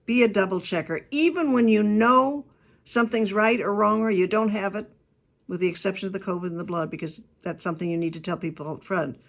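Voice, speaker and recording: A woman's voice: mid-range voice, a little fast. Chatty, emphatic woman keynote speaker. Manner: chatty, emphatic storyteller with asides. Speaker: keynote speaker on customer service. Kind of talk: lively talk to a business audience.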